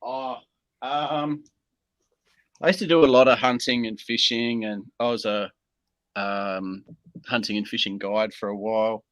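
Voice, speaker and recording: Laid-back Australian man, bright voice. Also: medium pitch, steady tone, no echo, rough recording. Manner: laid-back, unhurried, many pauses and ums. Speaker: guest. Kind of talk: casual video-call interview.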